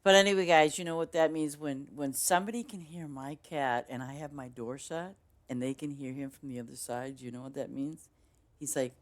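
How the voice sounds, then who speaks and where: A woman's voice: sits low, moderate pace. A woman game streamer chatting casually with her viewers as she signs off, rambling with lots of fillers and restarts. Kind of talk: casual stream sign-off chat.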